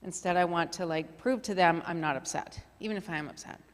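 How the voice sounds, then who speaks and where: A middle-aged woman with a fairly low voice runs a community leadership workshop, talking loosely and conversationally with plenty of fillers. Her voice rings out with the long reverb of a meeting hall. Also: brisk. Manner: chatty, filler-heavy, conversational. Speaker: workshop facilitator. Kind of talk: casual workshop presentation.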